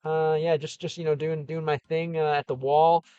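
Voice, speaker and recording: A man's voice: a little high, flat delivery, normal speed, dark tone, clean tone, dry recording, highs cut off. A man with a Chicago Midwest accent hosting a casual livestream, reading comments in a rambling, upbeat and encouraging way with lots of fillers. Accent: Chicago, American Midwest. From American Midwest.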